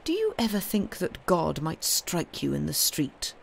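A woman reading the lines of a stern, pious male curate in a quiet, grave manner, from a storybook. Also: low-pitched, huge pitch swings, measured pace, gravelly, slight background noise, full character voice.

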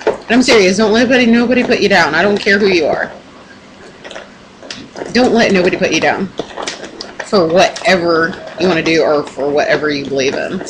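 A woman's voice: fairly low pitch, brisk, pauses often. A young woman in a casual vlog pep talk, rambling and emphatic, swearing a lot as she talks to her camera at home. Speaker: vlogger. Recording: noisy home recording.

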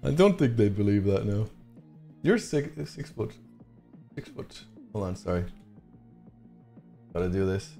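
A man's voice: on the low side, very animated, measured pace, gravelly, pauses often, warm tone, faint music behind. A man streaming a game, bantering and swearing in casual chat with a friend.

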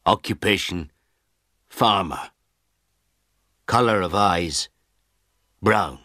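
A man narrating a first-person story in a slow, plain reading style for English learners. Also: low voice, pushed and bright, no echo, clean studio sound.

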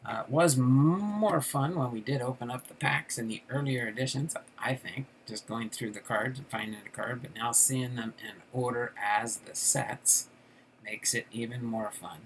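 A man's voice: medium pitch, moderate pace, slight background noise, rough recording. A middle-aged man hosting a casual livestream, reading comic strips aloud and chatting with viewers, laughing along. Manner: chatty, laughs at the jokes, loosely voices the strip characters. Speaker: card collector channel host.

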